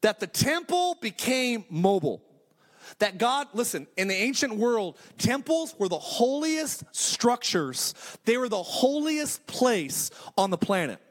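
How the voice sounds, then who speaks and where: A man preaching a sermon in a notably high voice. He drives his points home emphatically, circling back and restarting phrases as he builds. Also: very animated, a little slow. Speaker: pastor.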